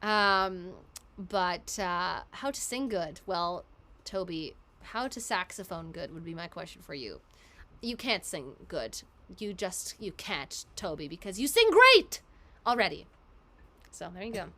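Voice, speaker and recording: A woman voice actress casually chatting and answering fan questions on a live stream, giggly and quick. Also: lowish voice, expressive, sharp tone.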